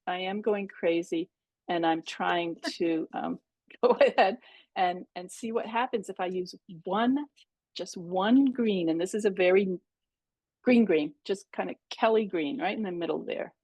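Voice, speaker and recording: A middle-aged woman, a pastel art instructor, demonstrates painting live online over a video call, talking casually and thinking aloud as she goes. She speaks unhurriedly in a medium-pitched, darkish voice, with no room sound.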